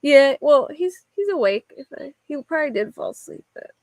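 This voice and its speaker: Her voice is high, expressive, and a little mellow, at a normal pace with no room sound. This livestreamer from Philadelphia rambles through a casual chat with her live viewers, leaning heavily on "like" and other filler words.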